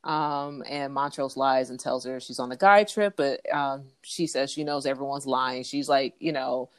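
A woman with a low voice talks through a TV episode in a relaxed, casual way, full of fillers and small restarts. The sound is dry and close, with no room around it. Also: normal speed, no room sound. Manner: relaxed, with many fillers and recaps. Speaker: podcast co-host recapping a TV episode. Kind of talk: casual chat.

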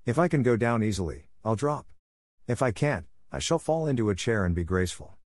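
A man's voice: medium pitch, animated, brisk, no room sound, close to an everyday voice. Brief: a man doing a proper, fussy little girl, dry close read. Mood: prim. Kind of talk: audiobook character voice.

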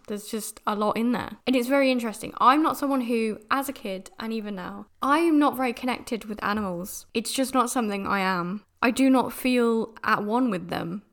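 A young British woman from the UK with a mid-range, fairly bright voice hosts a podcast. She talks casually about a film, chatty and rambling, with many restarts and fillers.

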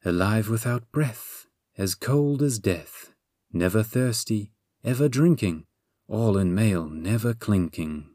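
A man voicing a proud, crafty female stone sphinx in an audiobook, slow and stately in her riddling. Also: on the low side, expressive, mellow, no echo, studio quality. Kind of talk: audiobook character voice.

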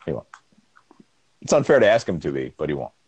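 A man's voice: rumbling low, very animated, a little fast, a little mellow, husky, highs cut off. A man guesting on a casual sports podcast, with easygoing, agreeable banter.

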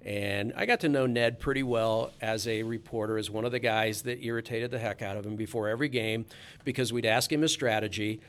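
A man's voice: fairly low pitch, brisk. A man, a sports reporter, telling a casual anecdote in a chatty, easygoing way with frequent restarts.

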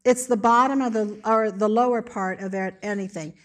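A woman giving a sermon in an animated, emphatic way, often repeating words in lists for effect. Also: mid-range voice, normal speed. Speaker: speaker in a church setting.

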